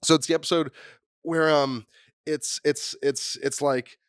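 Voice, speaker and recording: A man's voice: on the high side, fairly even intonation, unhurried, clean tone, no room sound, clean studio sound. A man co-hosting a podcast, rambling through a story in casual chat, swearing freely and restarting his sentences. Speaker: podcast co-host.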